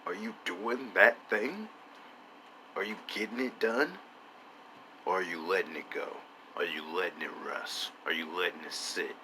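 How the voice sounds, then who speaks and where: A man's voice: low voice, unhurried, background noise. A man doing gameplay commentary, rambling in absurd stream-of-consciousness musings full of rhetorical questions. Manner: rhetorical questions, drops to a whisper at times. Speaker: let's play commentator. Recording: loud music under the voice. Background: loud music.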